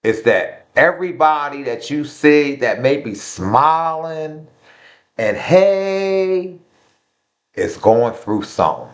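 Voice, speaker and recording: A man's voice: a little high, lively intonation, takes it slowly. A man speaking frankly and earnestly to his viewers in a casual vlog, repeating himself for emphasis and using slang. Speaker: vlogger. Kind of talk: heartfelt casual talk to viewers.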